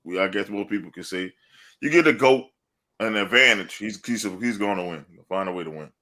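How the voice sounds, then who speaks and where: A man co-hosting a sports podcast, casual chat that breaks into loud, laughing, swearing rants. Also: on the low side, a little fast. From New Orleans area. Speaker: podcast co-host.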